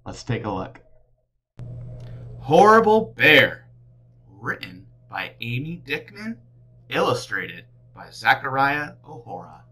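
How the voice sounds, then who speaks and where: Animated woman reading a picture book. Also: a bass voice, measured pace, breathy edge, poor audio. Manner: animated, big swings for characters. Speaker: teacher reading aloud. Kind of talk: expressive children's read-aloud.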